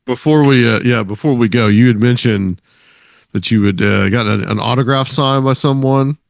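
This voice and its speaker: Podcast host guy, low gravelly voice, quick short comments. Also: dry recording. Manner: brief interjections and prompts. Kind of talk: casual chat.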